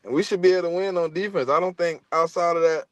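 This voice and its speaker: A man, talking in a slightly high voice and a relaxed, slangy way on a sports podcast. His voice is dry and close, with no room around it. He sometimes lets his sentences trail off. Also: fast talker, no room sound. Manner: laid-back, slangy, trailing off. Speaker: podcast co-host. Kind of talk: casual sports chat.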